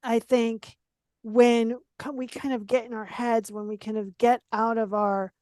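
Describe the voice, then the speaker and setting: A woman hosting a casual conversation, talking in an animated, emphatic and playfully blunt way. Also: a little high, a little slow, no echo, studio quality. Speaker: podcast host.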